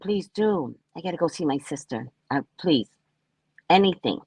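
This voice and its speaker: A woman's voice: low voice, expressive, normal speed, a little mellow, slightly rough, dry recording. A woman psychic reader telling a story on a casual live stream, brash, profane and mocking.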